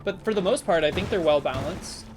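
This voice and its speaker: A woman streaming a game live, chatting casually with viewers in a playful way and breaking into sudden loud exclamations. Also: fairly low pitch, a little fast, over music.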